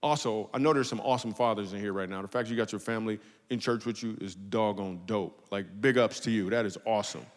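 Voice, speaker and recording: A man's voice: on the low side, fast talker, hardly any pauses. A man preaching a casual, comedic sermon in a church, telling stories and jokes in a conversational way. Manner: conversational, joking, animated storytelling. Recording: long hall reverb.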